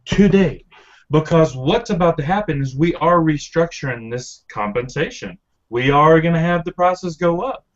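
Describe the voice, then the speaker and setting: A man giving an upbeat, pushy sales pitch on a webinar, over dull lo-fi audio. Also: lively intonation, normal speed. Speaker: presenter.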